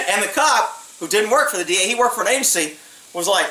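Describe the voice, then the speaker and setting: A man's voice: high voice, expressive, brisk, pushed and bright. A man, a former police officer, telling a story in a blunt, streetwise way and swearing freely. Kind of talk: casual storytelling. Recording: echoey room, mic at a distance, faint hiss.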